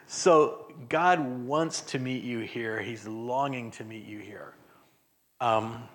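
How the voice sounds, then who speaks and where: A man preaching an interactive sermon in a church, talking casually, polling the congregation and acting out sample prayers. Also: mid-range voice. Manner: conversational, acts out prayers in voices, chuckles often. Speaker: guest speaker. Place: church sanctuary.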